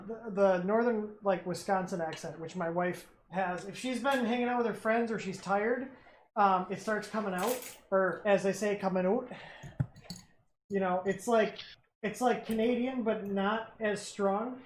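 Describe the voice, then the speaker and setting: An American man hosting a livestream, chatting casually and teasing with frequent laughs. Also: high-pitched. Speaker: livestream host. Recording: roomy echo, faint background noise.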